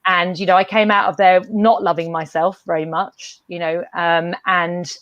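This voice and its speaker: A woman's voice: lowish voice, flat delivery, moderate pace, fairly bright tone, dry recording, muffled recording. A woman guest speaking casually and reflectively, with frequent "you know" fillers and restarts, on a video call. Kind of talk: casual conversation.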